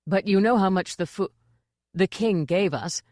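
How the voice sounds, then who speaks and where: A woman's voice: moderate pace, a little mellow, dry recording, studio quality, natural voice. A woman voicing an evasive, wheedling male dwarf playwright. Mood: sheepish. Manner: wheedling, low and sheepish.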